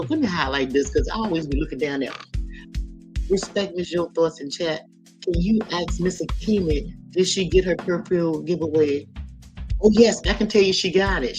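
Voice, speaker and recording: A woman hosting a casual livestream, telling lively, laughing stories and reading out viewers' comments. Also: fairly low pitch. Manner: lively, laughing storyteller, talks straight to viewers. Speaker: livestream host. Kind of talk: casual storytelling and chat reading.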